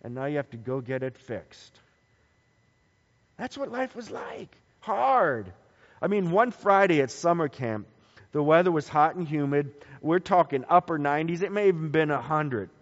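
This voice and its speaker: A man's voice: fairly high pitch, lively intonation, moderate pace. A man preaching a sermon as a pastor, telling stories and building emphasis through repetition. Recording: dull lo-fi recording with long hall reverb.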